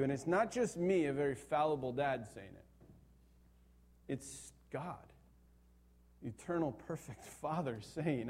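A man's voice: a little high, a little slow, darkish tone. Earnest man preaching a sermon. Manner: earnest, builds to emphatic repetition. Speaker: pastor.

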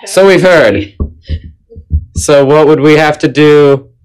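A polite man playing a tabletop game. He speaks in a courtly, even tone. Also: on the high side, slow pace, smooth, poor audio. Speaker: player. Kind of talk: casual tabletop game chat.

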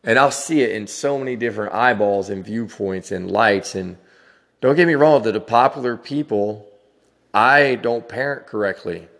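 A man's voice: fairly low pitch, normal speed, gravelly, a bit bright, in a large hall. A man hosting a podcast, talking in a frank, profane, rambling personal monologue. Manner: frank and profane, with frequent laughs. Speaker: podcast host.

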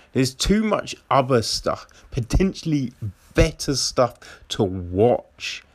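A man giving a profane, exasperated review of a show, mocking its characters in high put-on voices. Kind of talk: ranting casual review.

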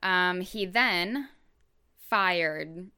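A woman hosting a podcast, telling a true crime story in a relaxed, casual way with lots of fillers and asides. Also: fairly low pitch, extremely slow, clear, resonant tone.

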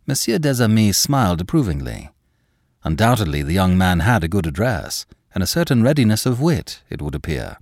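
Deep low male narrator reading an old novel, voice rises and falls a lot, no room sound. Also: vocal fry, no echo, clean studio sound. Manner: measured, expressive storytelling. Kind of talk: scripted narration of a classic novel.

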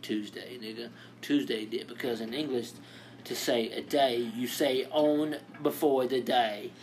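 A man's voice: medium pitch, steady tone, unhurried, a little mellow, slight background noise. A man co-hosting a casual comedy podcast, posing riddles and laughing often. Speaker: podcast co-host.

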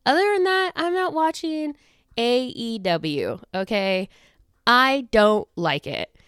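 A young woman hosts her own podcast, chatting casually into a close microphone, rambling through fillers and false starts. She sounds a touch out of breath. Her voice is smooth and clear, and the sound is dry, with no room around it. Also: a little high, expressive, slow, fairly bright tone, dry recording. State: a little out of breath. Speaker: podcast host. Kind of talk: casual chat. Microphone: studio microphone close to the face.

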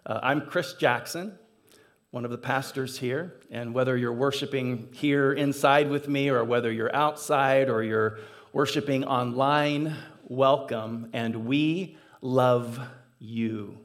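A man, a pastor, preaching a sermon in church, telling a story and slowing down to stress key phrases. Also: mid-range voice. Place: church sanctuary.

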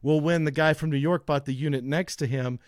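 Brisk and steady, his voice sits on the high side as he chats casually on a podcast he co-hosts. He's in his thirties, a rambling storyteller who laughs a lot, and the studio-quality sound has no echo.

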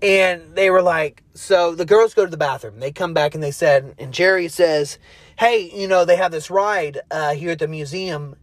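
A man's voice: a little high, normal speed, dry recording. A young man casually retelling a movie he loves, rambling with many fillers and restarts and swearing freely. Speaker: movie fan retelling a film.

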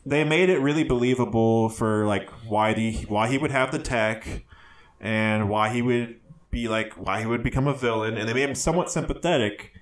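A man's voice: mid-range voice, normal speed. A man co-hosting a casual podcast, rambling and swearing freely as he jumps between thoughts. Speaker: podcast co-host. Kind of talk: casual chat.

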